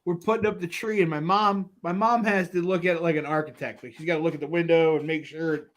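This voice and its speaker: A man in his thirties co-hosting a casual podcast, telling family stories in an animated way and laughing through them. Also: fairly high pitch, fast talker. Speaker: podcast co-host. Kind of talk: casual chat.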